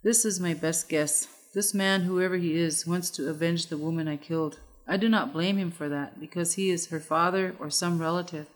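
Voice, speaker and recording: A woman's voice: fairly low pitch, steady tone, moderate pace, hardly any pauses, natural voice. Cloud, a woman voicing a resolute warrior father. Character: grave determined warrior father, middle-aged man.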